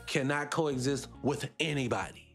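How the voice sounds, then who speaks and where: A man's voice: medium pitch, moderate pace, fairly bright tone, faint music behind. A man hosting a morning reaction show, talking conversationally with sarcastic asides and speaking directly to his viewers. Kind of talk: reaction commentary.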